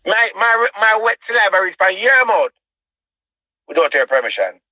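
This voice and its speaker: A man's voice: high voice, sing-song, moderate pace, bright, forceful tone, no room sound, rough recording. A man with a Jamaican accent ranting as a show host, preachy and repetitive and full of rhetorical questions. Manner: preachy, repeats himself, asks rhetorical questions. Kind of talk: ranting commentary.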